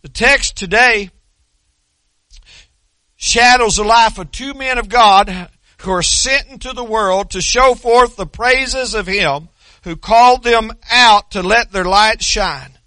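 A man's voice: high-pitched, takes it slowly, sharp tone, no echo. A man preaching a sermon, telling folksy stories with dry, self-deprecating humor and frequent restarts. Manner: repeats and restarts words. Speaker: pastor.

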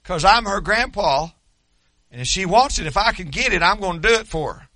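This older pastor preaches briskly in a high, expressive voice, shifting from folksy jokes to rising fervor. His voice is strained and fading from the yelling, and no echo is present.

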